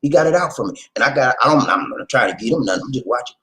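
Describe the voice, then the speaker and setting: Animated man chatting to his viewers. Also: mid-range voice, rapid-fire, low-quality recording. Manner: animated, folksy, addresses viewers directly. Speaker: vlog host. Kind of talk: casual storytelling chat to camera. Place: home in the Philippines.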